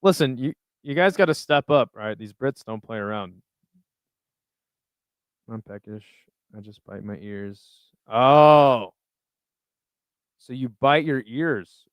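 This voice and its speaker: A man's voice: medium pitch, expressive, a little slow, smooth, no echo. A man hosting a casual live chat, reading and reacting to viewer messages in a loose, laid-back way with plenty of swearing. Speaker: livestream host reading chat.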